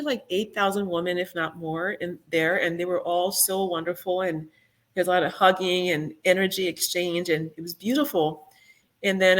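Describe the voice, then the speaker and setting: A middle-aged woman talking as a podcast guest in a casual interview, reflective and soft-spoken, with many fillers. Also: lowish voice.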